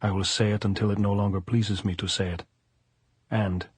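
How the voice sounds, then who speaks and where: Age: middle-aged. Figure: a big, gruff guerrilla woman with a blunt, old-fashioned way of speaking, as a male narrator puts her on in an audiobook. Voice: low and husky. Sound: dry and close. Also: little pitch movement, normal speed, no echo. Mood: stubborn. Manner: blunt, archaic thee-and-thou speech.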